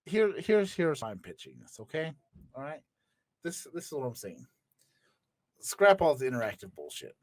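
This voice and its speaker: A man's voice: a little high, very animated, moderate pace, long pauses, dry recording. A man hosting a podcast, telling a story in a profane, joking way. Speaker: podcast host. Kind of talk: casual chat.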